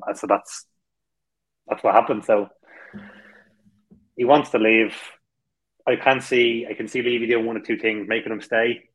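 A man's voice: fairly low pitch, poor audio. A man co-hosting a casual chat, giving blunt, explaining opinions. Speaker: podcast co-host.

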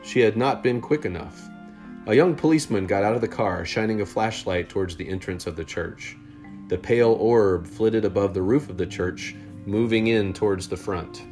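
Low-voiced man reading a story. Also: faint music behind. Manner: steady, measured reading. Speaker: narrator. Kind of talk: storytelling read-aloud.

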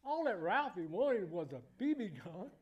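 A man preaching a sermon in church, emphatic and repetitive, building to loud exclamations. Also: high-pitched, sing-song, normal speed, lo-fi sound.

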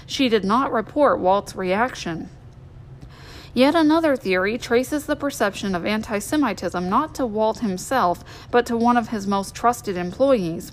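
A woman's voice: a little high, slight background noise, poor audio. A woman narrating a biography as an audiobook, reading steadily with small restarts now and then. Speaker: audiobook reader.

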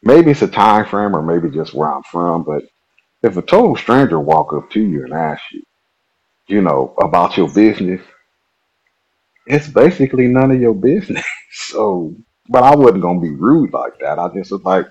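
Low raspy-voiced guy from nebraska, chatty and laid back, muffled lo-fi audio. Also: normal speed. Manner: relaxed, chatty, laughs at himself. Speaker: podcast guest. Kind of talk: casual storytelling.

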